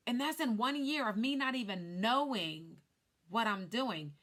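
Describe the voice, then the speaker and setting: Bright-voiced woman telling her story. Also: fairly high pitch, measured pace. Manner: animated storytelling, reading from cue cards. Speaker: life insurance agent. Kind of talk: casual talk to camera.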